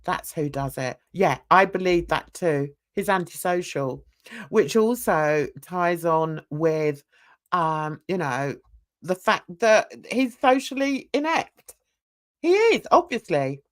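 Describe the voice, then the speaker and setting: A woman's voice: fairly low pitch, animated, slow pace. A woman hosting a drama commentary show, giving emphatic, scornful opinions. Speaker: host.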